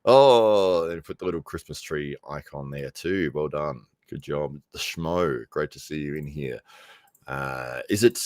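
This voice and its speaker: An Australian man hosts a livestream in easygoing chat, laughing often and slipping into voices for his stories. His voice sits very low. The recording is dry, with no room sound. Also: measured pace, darkish tone, dry recording. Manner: chatty, laughs often, acts out voices in anecdotes. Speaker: livestream host. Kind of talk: casual chat.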